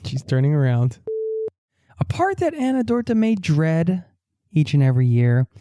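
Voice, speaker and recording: Teasing male podcast host, dark tone. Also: fairly high pitch, big pitch swings, normal speed, no echo, studio quality. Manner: teasing, playful, laughs often. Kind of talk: casual podcast chat.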